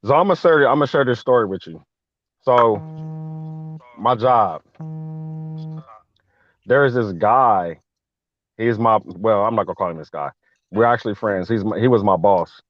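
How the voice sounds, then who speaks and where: Speaking a little slowly in a lowish voice and pausing often, this guest veteran spins a long personal story in a casual chat. He uses slang and animatedly performs the voices he quotes, all on a dry, dull, lo-fi recording.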